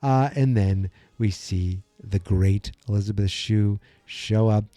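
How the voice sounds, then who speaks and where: A middle-aged man hosting a podcast, chatting casually about a film and acting out its lines in quick voices as he rambles. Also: fairly low pitch, mellow, dry recording, soft background music. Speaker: podcast host. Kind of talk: casual movie commentary.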